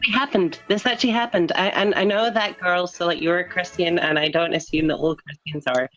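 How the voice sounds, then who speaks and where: A woman with a mixed Northern English and Scottish accent, telling stories in an animated, emphatic way in a casual group podcast chat. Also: lowish voice, a little fast, dull audio, soft background music.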